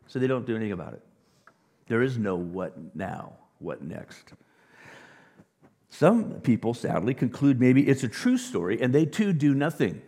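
A man preaching a sermon as pastor, animated, dropping to quiet asides and rising to loud emphasis. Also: lowish voice, brisk. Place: church sanctuary. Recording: long reverb of a large hall.

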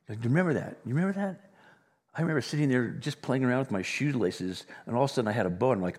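Animated male pastor preaching in a reverberant hall. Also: mid-range voice, racing. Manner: animated storytelling with quoted voices. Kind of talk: sermon. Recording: church hall with long reverb.

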